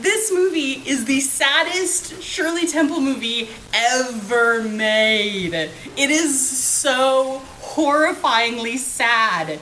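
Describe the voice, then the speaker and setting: A woman co-hosting a podcast, talking in a lively, swooping voice that rises fairly high. She is dramatic and expressive and laughs often. The recording has a roomy echo and faint background noise. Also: takes it slowly, hardly any pauses. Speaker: podcast co-host. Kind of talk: casual chat.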